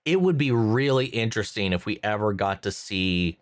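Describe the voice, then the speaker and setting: A man's voice: fairly low pitch, animated, moderate pace, no echo. A man hosting a reaction channel, thinking aloud about a series episode in a casual review with many fillers and restarts.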